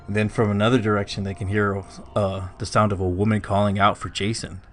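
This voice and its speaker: A man's voice: on the low side, level tone, a little fast, a little hiss or hum. A man casually telling a spooky story on a podcast, rambling with lots of filler words. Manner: rambling, full of "like" and "you know". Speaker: podcast co-host.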